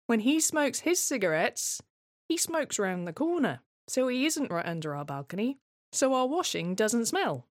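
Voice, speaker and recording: A woman's voice: mid-range voice, sing-song, normal speed, dry recording, studio quality. A woman performing a scripted first-person monologue in a wry, reflective, conversational way.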